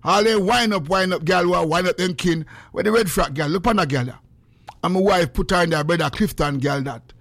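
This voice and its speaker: A man's voice: high voice, fairly quick, a bit bright, no room sound. A man with a Jamaican accent hosting a casual livestream, greeting viewers by name and teasing them playfully. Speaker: livestream host.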